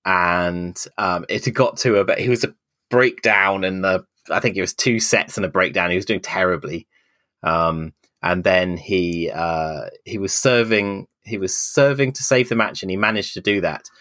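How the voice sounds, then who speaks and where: A man's voice: deep voice, normal speed, dry recording. A man in his forties co-hosting a casual podcast, telling a long anecdote in a dry, wry way. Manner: dry, wry anecdotes, acts out quoted voices loudly. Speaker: podcast co-host. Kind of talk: casual chat, storytelling.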